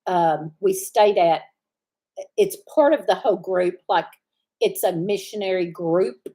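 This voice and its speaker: A woman, hosting a live stream and telling a rambling story in a relaxed, chatty way. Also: fairly low pitch, unhurried. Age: 60s. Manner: chatty, meandering, laughs easily. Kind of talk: casual storytelling chat.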